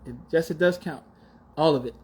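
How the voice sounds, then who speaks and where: A man's voice: fairly high pitch, a little fast, darkish tone, breathy edge. A man in his forties hosting a podcast, talking in a casual, slangy, mock-outraged monologue with frequent laughter. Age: 40s. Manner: slangy, teasing. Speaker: podcast host.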